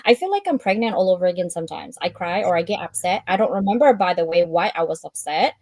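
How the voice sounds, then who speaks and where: A woman hosting a live stream, reading out a checklist and chatting in an animated way, laughing often and acting out her own thoughts. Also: on the low side, quick pace, dry recording.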